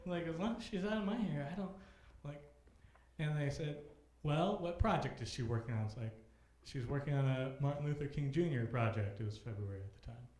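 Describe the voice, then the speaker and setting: A young man hosting a comedy club night, his voice set a little high as he rambles through a self-deprecating story. He talks into a stage mic, and the club's hard walls give it a roomy echo. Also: brisk, darkish tone. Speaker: comedy show host. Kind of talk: stand-up storytelling between acts.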